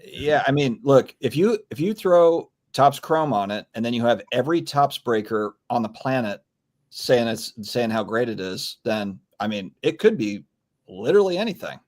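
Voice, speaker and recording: A man at an ordinary pitch argues his points with emphasis, repeating lines to drive them home. He keeps the tone casual and bantering. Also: animated, moderate pace, a little mellow. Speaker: co-host of a trading card stream. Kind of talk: casual chat.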